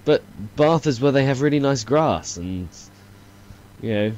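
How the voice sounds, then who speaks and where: A man's voice: mid-range voice, animated, a little slow, darkish tone, dull audio. A man with a Southwest English accent, chatting on a podcast, playful and laughing often. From Southwest England. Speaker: podcast guest. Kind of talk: casual chat.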